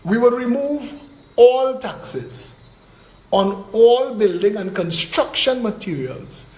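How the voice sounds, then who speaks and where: A man's voice: extremely high pitch, lively intonation, slow, roomy sound. A man giving an emphatic campaign speech as a political candidate. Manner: emphatic, declamatory, rising and dropping with emphasis.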